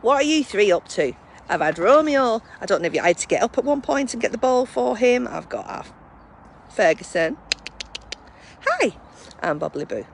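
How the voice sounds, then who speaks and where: A woman's voice: a little high, sing-song, fairly quick, creaky, a little hiss or hum. Chatty woman cooing at her dogs. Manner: chatty, coos in baby talk to her dogs. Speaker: mindfulness class instructor. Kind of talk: casual live stream chat. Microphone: handheld phone.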